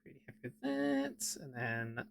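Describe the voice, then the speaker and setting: A man's voice: mid-range voice, huge pitch swings, moderate pace, creaky. A man with an English Midlands accent chatting casually and rambling while he draws on a live stream, chuckling often. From England. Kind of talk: casual chat while drawing.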